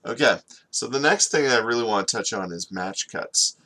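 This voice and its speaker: A man teaching storyboarding in a casual screen-recorded tutorial, talking in a relaxed, conversational way and often checking in with "okay?". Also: medium pitch, normal speed. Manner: relaxed and conversational, with frequent fillers. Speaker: animation storyboard instructor.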